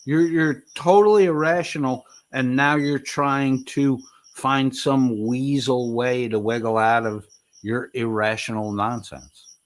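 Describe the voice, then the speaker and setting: A man's voice: mid-range voice, steady tone, slow. A man commentating heatedly over replayed clips, mocking and taunting in a profane way. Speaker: streamer reacting to clips.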